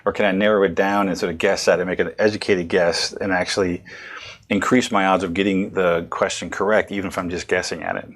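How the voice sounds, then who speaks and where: Male lecturer, low voice, rambling conversational delivery with many restarts. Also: steady tone, a little fast, fairly bright tone. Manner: rambling, self-correcting, conversational. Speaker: psychology lecturer. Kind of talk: recorded lecture.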